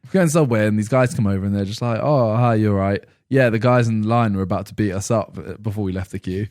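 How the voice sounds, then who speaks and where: A man's voice: on the low side, fast talker, no echo, clean studio sound. A young man on a podcast telling a rambling anecdote in casual chat, acting out what people said. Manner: animated anecdote telling, acts out quotes. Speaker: podcast co-host.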